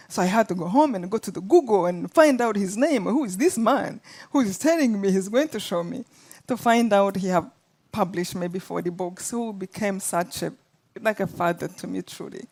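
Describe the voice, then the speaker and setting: A woman's voice: medium pitch, darkish tone. A middle-aged woman from Rwanda with a Rwandan accent, earnestly retelling her life story as a guest and acting out the quotes. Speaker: guest speaker. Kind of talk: storytelling in an interview.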